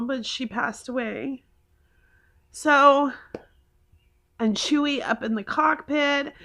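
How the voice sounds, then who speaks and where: A woman's voice: on the high side, bright, forceful tone. A woman in her forties from Oklahoma, chatting in a casual vlog, gushing and emotional as she rambles on. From Oklahoma, USA. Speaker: vlogger.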